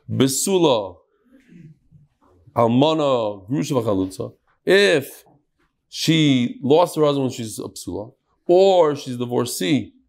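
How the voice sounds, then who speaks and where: His voice sits at medium pitch with some vocal fry. He teaches a daily Talmud session animatedly, quizzing the students and drawing on Hebrew and Aramaic terms amid his English.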